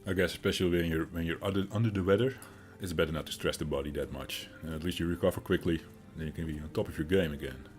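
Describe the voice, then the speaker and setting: A man's voice: low voice, fast, hardly any pauses, soft background music. A man in his thirties with a Dutch accent, chatting casually with his stream chat, rambling with fillers as he answers them. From Netherlands.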